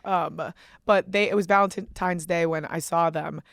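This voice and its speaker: A young woman hosts a casual podcast with a low, fry-laden voice. She tells stories in an animated rush, full of swearing. The sound is dry and close. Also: measured pace, no echo. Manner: animated, profane storytelling. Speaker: podcast host. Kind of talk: casual chat.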